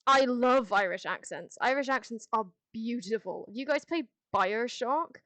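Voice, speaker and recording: A woman streaming on a headset mic, chatting with her viewers in a loose, rambling way. Her voice sits a bit higher than most, and she often restarts sentences and swears casually. The sound is close and dry. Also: animated, measured pace, a bit bright, dry recording. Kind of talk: casual livestream chat, answering chat.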